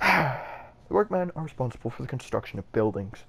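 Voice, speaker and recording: A man's voice: medium pitch, sing-song, brisk, creaky, long pauses, a bit bright, breathy edge. A young man casually commenting on a game he is playing, rambling and self-deprecating with lots of fillers. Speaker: gaming channel host. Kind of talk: casual let's-play commentary.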